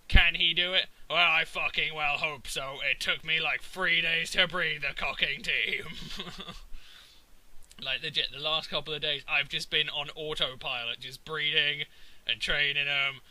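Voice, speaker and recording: A young man talks through his game battles in loose, chatty commentary. His voice sits a touch high and sounds very bright and edgy. He swears often and rambles with fillers as he gets excited. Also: measured pace, poor audio. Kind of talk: casual gameplay commentary.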